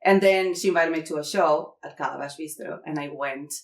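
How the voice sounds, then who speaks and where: Lively woman from Mexico City, roomy sound. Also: deep voice, brisk. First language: Spanish. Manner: lively storyteller who acts out quoted dialogue. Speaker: podcast guest. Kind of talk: casual podcast chat.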